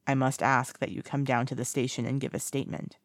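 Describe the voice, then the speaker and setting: Worried young detective, clipped and urgent, gravelly, as a reader puts him on. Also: medium pitch, flat delivery, fast talker, dry recording, clean studio sound, close to an everyday voice. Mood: sharp, urgent. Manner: sharp, urgent.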